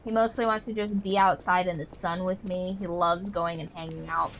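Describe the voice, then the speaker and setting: A young woman streaming a game, chatting casually in a rambling way full of "like" fillers and telling animated, playfully exasperated stories. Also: lowish voice, moderate pace, a little hiss or hum, rough recording. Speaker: gaming streamer. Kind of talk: casual chat while playing a game.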